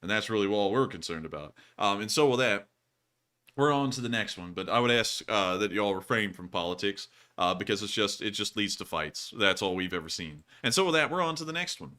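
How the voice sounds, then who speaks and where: Man, livestream host, bright forward voice, rambling, repeats his thanks. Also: on the low side, expressive, brisk, clean tone. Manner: chatty, rambling, repeats thanks, laughs often. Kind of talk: casual livestream chat reading donations.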